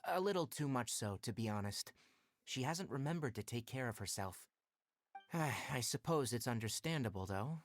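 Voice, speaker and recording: A man voicing a calm, blunt adult male forest watcher who mentors young trainees in a video game. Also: mid-range voice, no room sound, natural voice. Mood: concerned. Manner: measured, dry, matter-of-fact.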